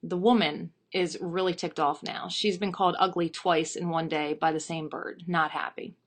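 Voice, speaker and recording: A woman in her thirties, with a lowish and slightly bright voice, tells a joke to an audience and then chats playfully about herself and her work.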